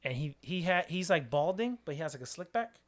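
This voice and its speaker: Animated storytelling man, slightly high voice. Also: a little fast. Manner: animated storyteller, laughs often. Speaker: podcast host. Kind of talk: casual podcast chat.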